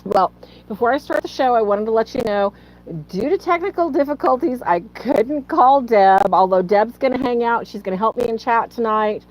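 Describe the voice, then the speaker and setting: A woman's voice: fairly high pitch, normal speed, rough recording. Woman, live-stream host, tearful, earnest, pleading. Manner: earnest, pleading, greets chat by name. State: tearful, fighting back tears. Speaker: livestream host. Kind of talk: emotional live-stream talk to viewers.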